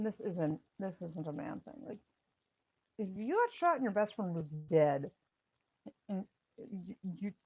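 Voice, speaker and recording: Gravelly low-voiced woman telling wry stories. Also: dry recording, muffled recording. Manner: wry, blunt, laughs at her own stories. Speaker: livestream host and former EMT supervisor. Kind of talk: casual livestream storytelling.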